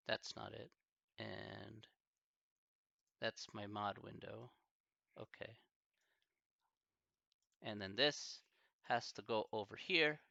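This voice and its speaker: Bright gravelly man, chatting with fillers. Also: on the low side, no echo, dull audio. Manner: halting, thinking aloud with many fillers. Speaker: math instructor streaming live. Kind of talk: casual live-stream chat.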